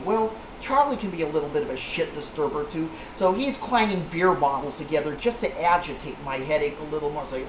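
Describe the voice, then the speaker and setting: A man's voice: fairly high pitch, brisk, slight background noise. A man telling a rambling, salty anecdote to a small group, with a punchline-driven delivery. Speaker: storyteller. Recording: echoey room on a tinny lo-fi line.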